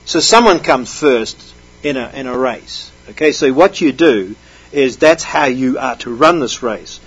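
A man's voice: mid-range voice, lively intonation, a little slow, husky, highs cut off. A man preaching a sermon, reading scripture aloud and explaining it with emphatic stresses.

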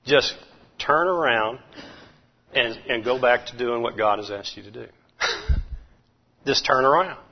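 A man preaching a folksy, animated sermon, chuckling as he goes. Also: mid-range voice, slow pace, long pauses, breathy edge. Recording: muffled lo-fi recording.

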